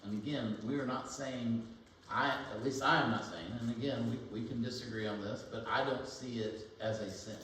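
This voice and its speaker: Conversational preacher in an echoey church. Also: male voice, medium pitch, normal speed, fairly bright tone, slight background noise. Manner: conversational, thinking aloud with restarts. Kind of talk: sermon. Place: church sanctuary. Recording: echoey church room, mic at a distance.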